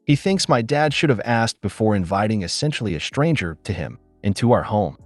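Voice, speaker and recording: A man with a lowish voice reads online posts aloud as scripted narration, his pitch rising and falling with lively movement. The voice is close and dry, with faint background music underneath. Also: a little fast, no room sound. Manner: lively storytelling reading.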